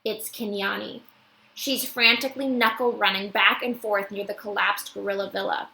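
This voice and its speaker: A woman reading a first-person children's novel aloud in an expressive, wry narration, recorded with a roomy echo. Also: mid-range voice, moderate pace, vocal fry, a little hiss or hum. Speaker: audiobook reader.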